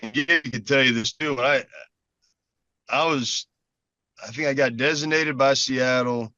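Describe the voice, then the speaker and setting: A man's voice: medium pitch, moderate pace, sharp tone, dry recording, lo-fi sound. A man from South Carolina, an easygoing former ballplayer chatting as a guest from a parked car. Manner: easygoing, laughs often. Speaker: guest, former baseball player. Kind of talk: casual interview.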